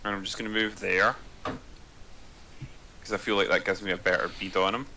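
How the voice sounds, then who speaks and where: A man playing a tabletop game, speaking haltingly and thinking aloud as he decides his moves in casual chat. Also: fairly low pitch, steady tone, sharp tone, slight background noise, low-quality recording. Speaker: player.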